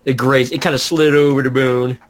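A man's voice: mid-range voice, little pitch movement, fairly quick. A man co-hosting a podcast, telling stories in a casual way and laughing through them. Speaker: podcast co-host. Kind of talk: casual chat, storytelling.

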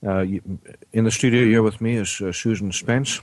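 Halting deep-voiced radio host. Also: male voice, steady tone, a little mellow. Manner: halting, many ums and uhs, chuckling. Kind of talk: casual radio health talk. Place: radio studio.

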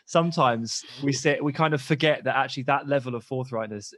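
A man's voice: mid-range voice, a little fast, few pauses, fairly bright tone. A man co-hosting a casual football podcast, with dry joking asides.

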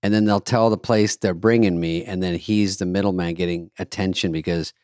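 A man's voice: deep voice, steady tone, fairly quick, a little mellow, clear, resonant tone, no echo. A man co-hosting a podcast, telling anecdotes wryly, sarcastically imitating the people he quotes, and reading ads. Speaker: podcast co-host. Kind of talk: casual chat and host-read ad. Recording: dry close mic.

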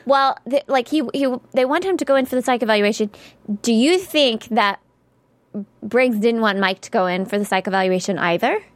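A woman's voice: a little high, moderate pace, dry recording. A woman from the American South chatting casually about a TV episode, thoughtful, with fillers and small stammers. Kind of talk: casual TV recap chat.

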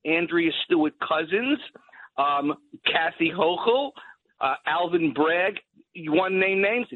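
A man from Brooklyn calling in to a radio show, speaking in an intense, preachy and emphatic way. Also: fairly high pitch. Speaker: caller. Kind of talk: ranting call-in comment. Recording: tinny phone line.

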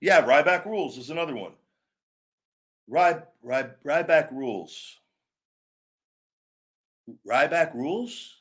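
A man's voice: a little high, animated. Blunt, emphatic man talking wrestling. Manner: emphatic, blunt, acts out catchphrases with shouts and drawn-out words. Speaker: podcast host and former pro wrestler. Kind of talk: opinionated casual talk.

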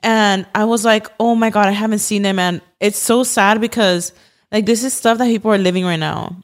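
A woman's voice: mid-range voice, fairly even intonation, normal speed. A young woman from California co-hosting a podcast in casual chat, earnest and full of "like" fillers, with the odd swear word. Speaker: podcast co-host. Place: podcast studio.

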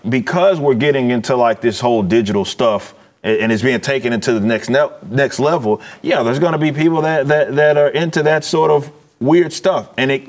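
Man panelist, mid-pitched, casual and easygoing commentator. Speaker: panelist, the gamer.

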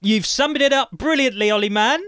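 A man co-hosting a podcast, pitching an idea eagerly in casual chat with many restarts. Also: normal speed, a bit bright, clean tone, no room sound, clean studio sound. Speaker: podcast co-host.

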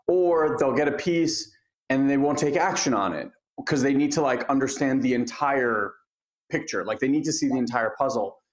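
A man in a casual conversation, earnest and lively, who acts out voices as he explains. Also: mid-range voice, normal speed. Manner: earnest, animated when acting out inner voices.

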